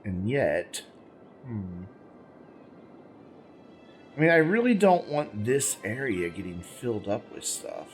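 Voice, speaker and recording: Speaking slowly with long pauses, a man whose voice sits on the low side swings widely in pitch while soft music plays. He runs a gaming channel, narrating a casual let's-play as he goes, musing aloud, rambling and backtracking with the usual hiccups.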